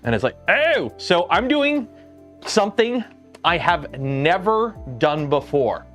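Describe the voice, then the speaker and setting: A talkative man with a Canadian accent, his voice sitting a little higher than most men's. He chats, jokes and rambles freely as a livestream host, with faint music in the background. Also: sing-song, slow pace, a bit bright. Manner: chatty, jokey, rambling. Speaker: streamer host. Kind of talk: casual livestream chat.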